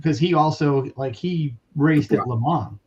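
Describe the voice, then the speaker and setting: A man chatting on a live stream, his voice slightly high, loose and friendly with his slang. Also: a little slow, a little mellow, slightly rough, lo-fi sound. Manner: casual, says "dude" and "man".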